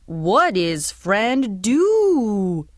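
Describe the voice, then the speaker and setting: A woman voicing a small slimy purple alien who speaks in broken grammar and yells the last words. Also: medium pitch, big pitch swings, very slow, no room sound, studio quality. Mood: eager. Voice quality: wet, drooling.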